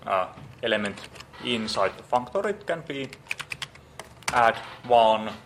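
A man's voice: medium pitch, animated, slow, noisy background. A man lecturing on programming, typing as he explains and thinking aloud with many fillers and restarts.

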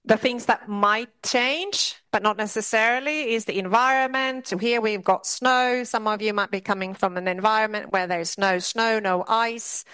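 A woman's voice: a little high, normal speed, few pauses, clean tone. Chatty woman lecturer with fillers. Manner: lively, direct and chatty, with many asides and fillers. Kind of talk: classroom lecture.

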